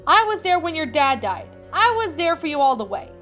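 A woman's voice: high-pitched, normal speed, a bit bright, soft background music, pitched above the performer's own voice. A woman voicing an upset young male puppy in a fan fiction reading, with a raised, emotional delivery. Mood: angry.

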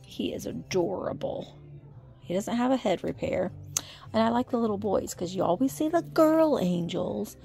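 A middle-aged woman narrates a casual shop-along in an indoor antique mall, thinking out loud about each piece and its price. Her voice carries a noticeable gravelly fry at a mid pitch, with faint music behind her. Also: expressive, normal speed. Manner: chatty, thinks aloud while pricing items. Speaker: vintage reseller vlogger.

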